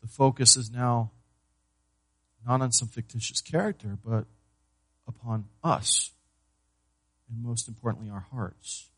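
A pastor preaching a sermon to his church, moving between loud emphasis and hushed, low delivery, and asking the congregation questions he then answers. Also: fairly even intonation, a little slow, pauses often, breathy edge, no echo. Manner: asks the congregation questions and answers them himself.

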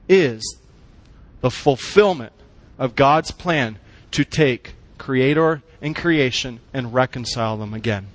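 A man's voice: on the high side, no echo. A man preaching a sermon, emphatic, using short punchy phrases and asking the congregation questions. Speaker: pastor.

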